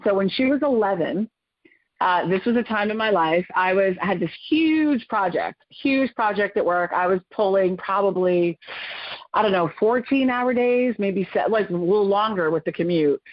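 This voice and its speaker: A woman in her forties, a podcast guest, telling a personal story in an animated, expressive way and jumping up in pitch as she acts out quotes. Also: unhurried, dry recording. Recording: dull lo-fi recording.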